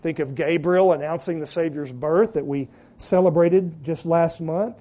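A man delivers a sermon with a high-pitched but warm, dark-toned voice. He leans hard into repeated words for emphasis, then lets his phrase endings sink low and quiet. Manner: preaching with rising emphasis and trailing drops at phrase ends. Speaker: pastor.

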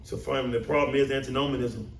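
A man preaching a sermon to a congregation, emphatic and animated, asking the room questions. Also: mid-range voice, quick pace, creaky, a little hiss or hum. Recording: roomy echo, mic at a distance.

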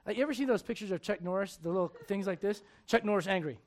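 A man in his forties preaching a sermon. He moves from loud urging to quiet confiding. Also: sits high, rapid-fire. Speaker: pastor.

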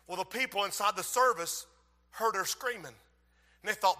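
A man preaching a fiery revival sermon, shouting and then dropping to a hush, in a church. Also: high voice, moderate pace. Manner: shouting, dramatic storytelling with sudden hushed drops. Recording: echoey church hall.

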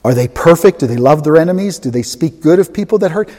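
A pastor preaching with animated emphasis, swinging from loud outbursts to soft asides. His voice sits fairly high for a man. A long hall reverb follows his words. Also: fast. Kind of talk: sermon.

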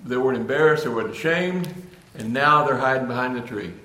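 Earnest preacher in an echoey room. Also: male voice, medium pitch, fairly quick, bright, forceful tone. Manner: earnest, repeats and restarts phrases, rises to emphatic peaks. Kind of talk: sermon.

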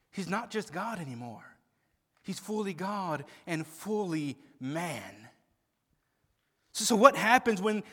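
A man preaching an expository sermon, swinging from hushed low tones to loud emphatic peaks and often repeating words as he starts a phrase. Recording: long hall reverb.

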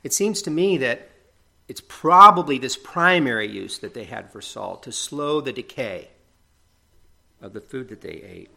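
A man's voice: medium pitch, animated, measured pace, gravelly, sharp tone. Earnest man preaching a sermon. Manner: earnest, conversational, with frequent tag questions.

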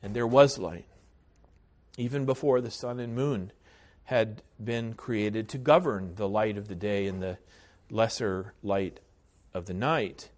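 A man preaching a sermon as pastor, speaking in a measured, deliberate way with frequent hesitations. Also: on the low side, a little mellow.

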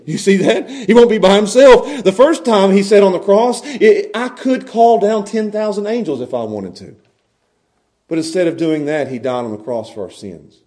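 A man preaching a sermon as pastor, animated, swinging from hushed lines to loud ones and chuckling between points. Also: high voice.

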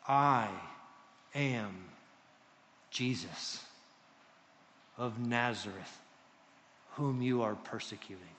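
A man doing a hushed, grave voice from heaven. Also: mid-range voice, drawn-out words, long pauses, roomy sound, in a large hall, slight background noise, voice pushed down. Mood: solemn. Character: solemn divine voice from heaven, male.

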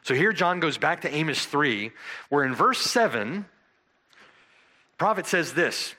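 A man delivering an expository sermon in a bright, forceful voice. His pitch rises and falls widely as he draws out key words for emphasis, then turns to his listeners with rhetorical questions. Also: big pitch swings. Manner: emphatic, dramatic slow stresses on key words; asks the congregation rhetorical "right?". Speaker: preacher.

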